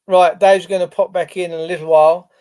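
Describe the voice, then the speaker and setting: A man's voice: sits high, level tone, quick pace, dark tone, smooth. A man hosting a casual livestream, rambling and chatty with lots of fillers. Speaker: livestream host. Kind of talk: casual live-stream chat.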